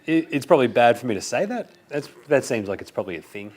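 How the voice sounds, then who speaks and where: Brief: Aussie male host, mid-pitched, jokey banter while watching the game. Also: sing-song, fast talker, a little mellow. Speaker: sports show host. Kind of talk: casual live watch-along chat.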